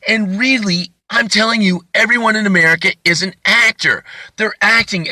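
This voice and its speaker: Bright-voiced man ranting profanely. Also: sits high, no echo, studio quality. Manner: rambling, profane, indignant. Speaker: comedian. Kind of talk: profane comedic rant.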